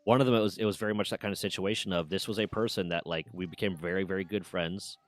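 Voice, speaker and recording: A man's voice: low voice, steady tone, quick pace, no echo. A man streaming, casually telling a personal story with candid swearing and mock voices for others.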